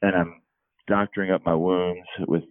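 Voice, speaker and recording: Deep-voiced man telling a story. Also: flat delivery. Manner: halting, repeats words. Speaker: guest. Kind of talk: casual storytelling. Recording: tinny phone-like line.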